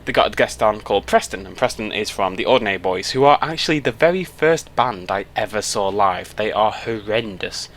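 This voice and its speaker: A man's voice: fairly low pitch, expressive, fairly quick, hardly any pauses, fairly bright tone. A young British man chatting casually to camera on a road trip, rambling and cutting himself off as he goes, speaking into a headset mic. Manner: chatty, rambling, self-interrupting. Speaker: YouTuber.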